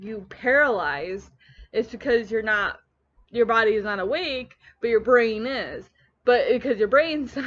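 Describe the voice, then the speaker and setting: A young woman telling a story in a casual home vlog, rambling and animated, often stopping herself mid-sentence. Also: a little high. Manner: rambling, animated, self-interrupting. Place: at home on a couch. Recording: dull lo-fi home recording.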